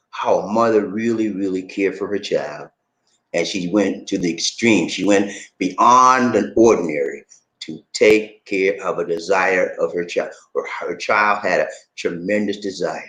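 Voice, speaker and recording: A man's voice: lowish voice, fairly bright tone. A man hosting a casual dating advice video, playful and hyping up his viewers with repeated phrases. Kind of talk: casual hyped video talk. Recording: echoey room.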